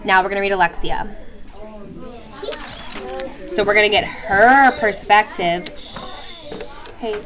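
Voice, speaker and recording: A woman teacher reading a novel aloud to her class in a classroom, talking briskly and often hushing the students. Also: medium pitch. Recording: dull lo-fi classroom recording.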